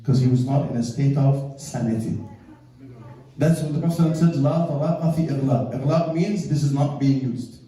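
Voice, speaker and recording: A man's voice: mid-range voice, brisk. A man from Egypt, a native Arabic speaker, giving a religious lecture to an audience and acting out the voices of people in his stories. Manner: animated storytelling, acting out quoted voices. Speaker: Islamic lecturer. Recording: echoey hall, mic from far off.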